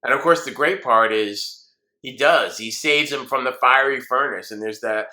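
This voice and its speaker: A male pastor gives a sermon in a bright, forceful voice of middling pitch. He tells the story earnestly and voices the people in it. He closes with soft encouragement. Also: moderate pace.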